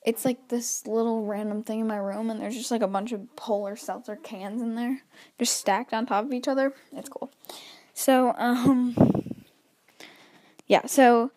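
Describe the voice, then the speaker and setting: Pacing around her bedroom, a teen girl runs a one-person podcast, talking nervously and rambling through lots of restarts, slightly wheezy. She speaks at a moderate pace in a fairly high, somewhat dark-toned voice.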